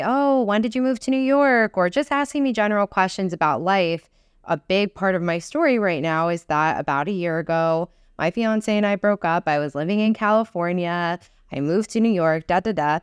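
A woman in her thirties hosting a solo self-help podcast, earnest and encouraging, slowing down to stress her points. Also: on the low side, clear, resonant tone, no room sound, studio quality. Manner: earnest, encouraging, slows down for emphasis. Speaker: podcast host.

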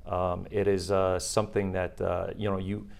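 A man's voice: low-pitched, little pitch movement, moderate pace, creaky, a little mellow, clean tone. A middle-aged man, a retired Marine, talking casually in an interview with many fillers and restarts.

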